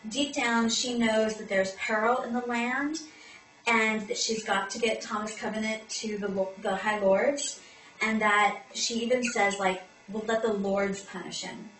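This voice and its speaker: Chatty, high-voiced woman recapping a book. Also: steady tone, unhurried, fairly bright tone, soft background music. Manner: chatty, full of fillers. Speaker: podcast co-host. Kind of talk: comic book-club recap. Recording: echoey room, mic far off.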